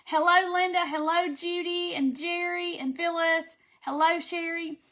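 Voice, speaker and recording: A woman's voice: extremely high pitch, fairly even intonation, measured pace, bright, forceful tone. A woman hosting a casual craft live stream, chatting, greeting viewers by name and laughing often. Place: home craft room.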